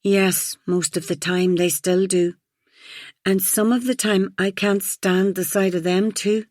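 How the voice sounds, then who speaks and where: A woman's voice: medium pitch, little pitch movement, unhurried, a little mellow, no room sound, studio quality, natural voice. A woman reading an audiobook, voicing a tipsy, blunt middle-aged friend who talks frankly with a slight slur. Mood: wry. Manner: slightly slurred, frank and rambling.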